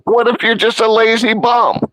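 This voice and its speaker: A man's voice: extremely high pitch, little pitch movement, moderate pace, fairly bright tone, rough recording. A man debating on a live stream, rambling in a folksy way with casual swearing. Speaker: debate guest.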